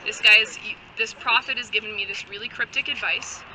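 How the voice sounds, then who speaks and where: A woman's voice: medium pitch, steady tone, moderate pace, pushed and bright, a little hiss or hum, rough recording. A woman voicing a lonely, confused male talking frog who whines and swears casually. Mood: lost. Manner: whiny, bewildered, casual swearing.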